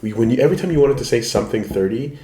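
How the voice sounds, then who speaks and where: A man with a Canadian accent hosting a casual podcast chat in an apartment, animated, swearing and poking fun at himself. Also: medium pitch, rapid-fire, a little hiss or hum. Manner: animated, swears, self-deprecating. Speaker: podcast host. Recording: echoey room.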